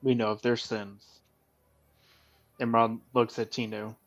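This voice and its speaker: A man playing a character in a tabletop game, speaking calmly and in a measured way. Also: mid-range voice, faint music behind, low-quality recording. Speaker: player.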